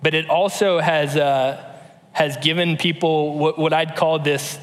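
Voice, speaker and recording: A man in his thirties giving a conversational sermon, telling stories in a relaxed way with frequent fillers and restarts. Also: fairly high pitch, unhurried. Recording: long hall reverb.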